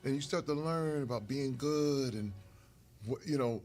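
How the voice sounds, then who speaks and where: This guest is a man recounting personal stories during a relaxed mealtime chat. He's earnest and lively, occasionally moved by what he's saying, and his medium-pitched voice takes its time.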